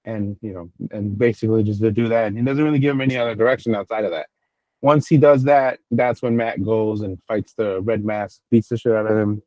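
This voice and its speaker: A man's voice: medium pitch, a little mellow, dry recording, low-quality recording. A man co-hosting a podcast, casually retelling a TV episode in a rambling way, full of fillers and restarts. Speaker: podcast co-host. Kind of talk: casual chat recapping a TV episode.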